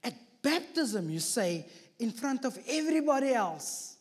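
A guest preacher with a very high-pitched voice, big pitch swings, and an unhurried delivery gives a sermon in an echoey church hall. His non-local accent stands out to listeners, and he mixes scripture with jokey, self-deprecating asides.

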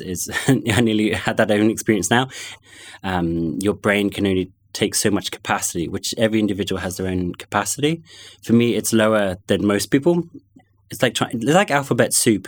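A middle-aged man with a low voice and a London accent that slips toward Connemara at times. He speaks in a reflective, hesitant way, full of fillers and restarts. The recording is close and dry, with no room sound. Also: no room sound. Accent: London with touches of Connemara. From born in London, family from Galway. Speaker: guest sharing personal experience. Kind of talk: reflective personal account.

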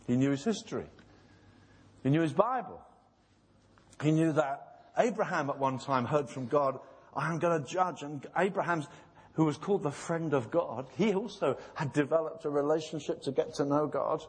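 A man's voice: fairly high pitch, normal speed, breathy edge. A man preaching a sermon in a church, impassioned and pleading, acting out voices in retold scenes. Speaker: pastor.

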